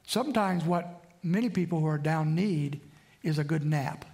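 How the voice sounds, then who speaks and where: A man's voice: on the high side, normal speed, gravelly, a little mellow. A man preaching a sermon in a conversational way, often asking the congregation for responses. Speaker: pastor.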